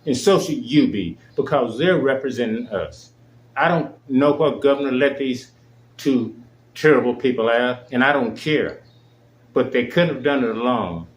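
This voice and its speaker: A man's voice: medium pitch, expressive, normal speed. A man hosting his own show, delivering an indignant, emphatic monologue. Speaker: show host. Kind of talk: angry monologue. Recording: echoey room.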